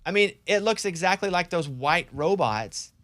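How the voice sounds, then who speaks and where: A man with an American accent, co-hosting a morning radio show, telling a story in lively casual banter and acting out the quotes. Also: sits high, moderate pace, no room sound. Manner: animated storyteller, acts out quotes. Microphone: studio microphone.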